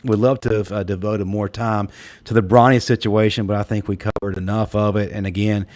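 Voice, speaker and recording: A man hosting a casual panel talk show, speaking in a relaxed way with many fillers. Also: lowish voice, fairly quick. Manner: relaxed, lots of fillers and laughs. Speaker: podcast host.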